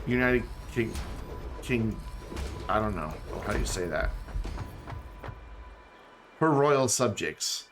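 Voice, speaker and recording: A man streaming a game live, chatting loosely and reading chat aloud. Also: fairly low pitch. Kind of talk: casual live-stream chat while gaming. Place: home room with background music. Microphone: desk mic and webcam.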